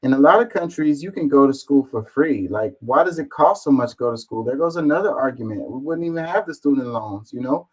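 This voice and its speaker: A man's voice: medium pitch, animated, a little fast, hardly any pauses, breathy edge, poor audio. A man reading online comments aloud and answering them in an exasperated, casual rant, swearing and firing off rhetorical questions.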